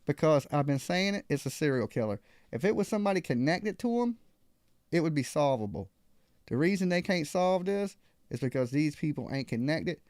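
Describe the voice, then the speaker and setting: A man's voice: fairly high pitch, sing-song, moderate pace, a little mellow, dry recording, clean studio sound. A man hosting a live call-in show, telling a story casually and acting out other people's lines.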